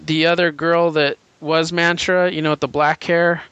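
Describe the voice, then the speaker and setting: Bright, clear-voiced man in casual chat. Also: on the high side, level tone, moderate pace, dry recording, muffled recording. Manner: rambling, enthusiastic retelling with frequent fillers and laughs. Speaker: podcast co-host. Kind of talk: casual comic book chat.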